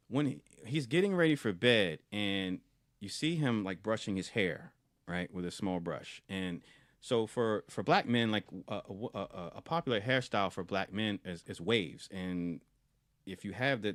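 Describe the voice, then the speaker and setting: A man, a podcast co-host, retelling a film scene in casual review chat, animated and often restarting and repeating words. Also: lowish voice, normal speed, no room sound, studio quality.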